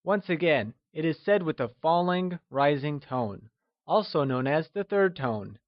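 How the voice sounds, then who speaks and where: A man narrating a scripted language lesson, slow and encouraging, with deliberate explanations. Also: a little high, lively intonation, no echo, muffled recording. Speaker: language teacher.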